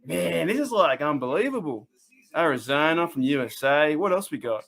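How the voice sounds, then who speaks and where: An Australian man chatting away on a live stream, his voice sitting a touch higher than most men's. He rambles and restarts often, breaking into laughs as he tries to keep up with the chat, all in a loose, excitable way. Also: moderate pace, creaky. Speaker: host of a fan livestream.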